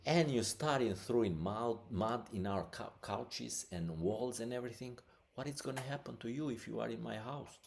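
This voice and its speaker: A man hosting a podcast, giving impassioned opinionated news commentary, halting often with restarts and fillers. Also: medium pitch, creaky. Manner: impassioned and agitated. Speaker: podcast host.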